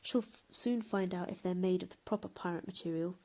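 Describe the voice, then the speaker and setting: A woman's voice: lowish voice, brisk, dark tone. A woman voicing a fierce male pirate who growls his lines. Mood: gruff.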